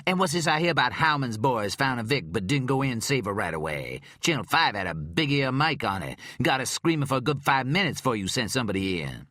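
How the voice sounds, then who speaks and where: A man's voice: mid-range voice, very animated, a little fast, few pauses, pushed and bright, no echo, studio quality, pitched above the performer's own voice. A man voicing a sarcastic, swaggering male FBI agent in an audiobook who talks in a mocking, streetwise way.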